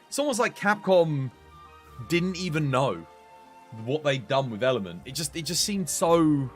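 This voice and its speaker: Young man, game commentary, animated, slow-paced. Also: faint music behind. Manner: swings from low mumbling to shouting excitement. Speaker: streamer. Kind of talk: live gameplay commentary.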